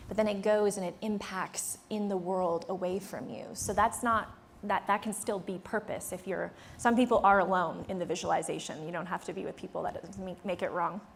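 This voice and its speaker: A workshop leader in her thirties speaks at normal speed with a medium-pitched, creaky voice and fairly even intonation, over a slight hiss or hum. Before a live audience in a conference room, she spins a chatty story, acts out the exchanges, laughs a lot and speaks right to the room.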